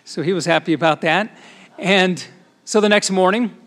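A middle-aged man who used to be a news reporter, giving a church talk as a personal story, dropping to soft asides and rising to loud emphasis. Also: high-pitched, moderate pace. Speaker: speaker at a church gathering, former TV news reporter. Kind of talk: sermon-style personal story.

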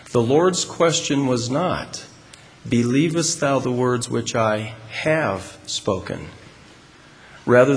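A man giving a sermon to a congregation in a large hall, speaking in a measured, deliberate and emphatic way. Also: medium pitch. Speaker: religious speaker. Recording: long hall reverb, faint room noise.

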